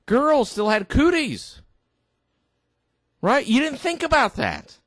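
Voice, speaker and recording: Tipsy man ranting in a high voice. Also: wildly swooping pitch, a bit bright, no echo. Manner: indignant, exasperated, halting restarts. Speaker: vlogger. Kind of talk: ranting commentary.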